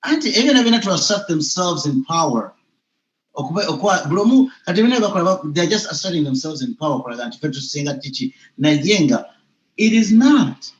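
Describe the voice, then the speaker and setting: A Ugandan man, a teacher, a guest on a call, arguing his points in an animated, insistent way. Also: on the high side, quick pace. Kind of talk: casual debate mixing Luganda and English. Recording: dull, echoey room sound.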